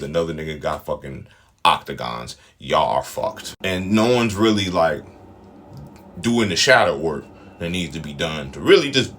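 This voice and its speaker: A man's voice: low-pitched, a bit bright. A man giving casual opinion commentary on a show, blunt, emphatic and full of profanity.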